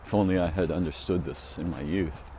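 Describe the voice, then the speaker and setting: A man telling a reflective, meandering story on a walk-and-talk vlog, halting and restarting as he muses. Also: sits low, mellow, slight background noise. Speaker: vlogger. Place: outdoors, walking.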